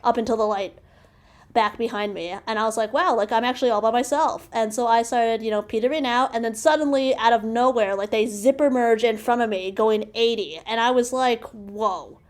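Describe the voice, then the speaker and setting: A woman's voice: on the high side, a little fast. Chatty woman telling a story. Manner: animated storytelling, many "like"s and restarts. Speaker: podcast co-host. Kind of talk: casual chat.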